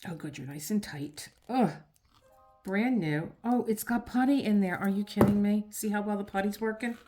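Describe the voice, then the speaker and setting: A woman's voice: medium pitch, moderate pace, mellow, faint music behind. A woman vlogger chatting casually to her viewers as she works on a diamond painting, rambling and talking to herself along the way. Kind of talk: casual chat while crafting.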